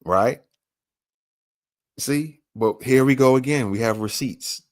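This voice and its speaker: A man's voice: medium pitch, takes it slowly, no room sound, clean studio sound. A man hosting a podcast, commenting on a clip with emphatic, repeated rhetorical questions. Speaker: podcast host.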